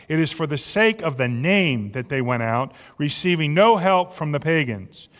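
A man's voice: a little high, animated, moderate pace, a bit bright. A man preaching a sermon as pastor, earnest and conversational, often repeating words as he goes. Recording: long reverb of a large hall.

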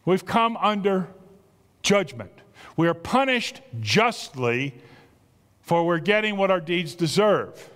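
A man with a South Jersey accent preaching a sermon, animated and exclamatory, full of rhetorical questions. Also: high voice, slow, long reverb tail. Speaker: pastor.

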